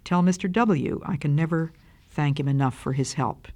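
A woman voicing a dying woman, calm, soft-spoken, joyful in faith, storybook reading. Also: sits low, normal speed. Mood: serene.

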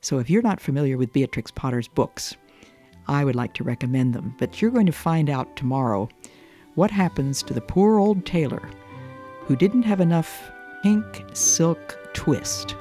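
A woman radio host reading a children's story aloud in a gentle, measured way. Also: sits low, lively intonation, faint music behind.

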